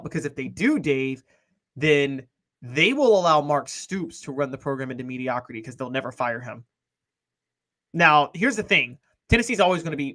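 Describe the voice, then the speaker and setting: A man's voice: mid-range voice, bright, forceful tone. A young man co-hosting a sports talk show, making his points in an emphatic, argumentative way.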